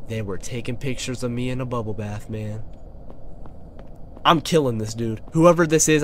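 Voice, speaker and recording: A young man with an excitable, profane manner, commentating a horror game let's play and talking straight to his viewers. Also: medium pitch, moderate pace, pauses often, slight background noise. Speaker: gaming YouTuber.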